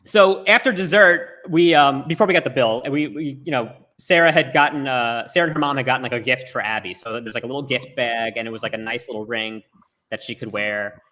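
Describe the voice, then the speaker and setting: Male storyteller: quick, forceful, chatty, filler-heavy, remote call. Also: mid-range voice. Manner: rambling storytelling full of "like" fillers. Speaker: storyteller on a talk show. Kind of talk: casual chat. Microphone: remote video call.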